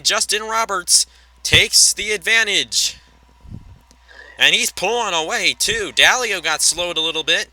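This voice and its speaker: A man calling a race play-by-play, quick and chatty, often correcting himself mid-sentence and wandering into offhand asides. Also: on the high side, pushed and bright, poor audio. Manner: rapid call with self-corrections and chatty asides. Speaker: race commentator.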